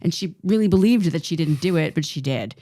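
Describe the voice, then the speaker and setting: A woman co-hosting a podcast, telling a personal story in an animated, rambling way with lots of filler words. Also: deep voice, a little fast, no echo, clean studio sound. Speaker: podcast co-host. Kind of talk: casual storytelling chat.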